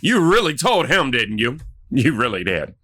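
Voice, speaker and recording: A man hosting a news reaction video, sarcastic and animated, laughing often as he comments on clips. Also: mid-range voice, normal speed.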